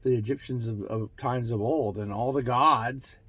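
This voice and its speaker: In this casual spiritual channeling monologue, a male host rambles and pokes fun at himself while relaying channeled messages, drifting off mid-thought and restarting. He talks at normal speed in a slightly rough voice with no echo, his pitch and loudness lurching between bright bursts and low mutters.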